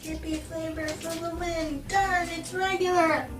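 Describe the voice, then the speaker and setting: A woman's voice: very high voice, level tone, unhurried, over loud music. A young woman in college, chatting with her friend in a dry, sarcastic, dramatic way. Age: young adult. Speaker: friend of the host. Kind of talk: casual chat. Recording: echoey room, mic at a distance.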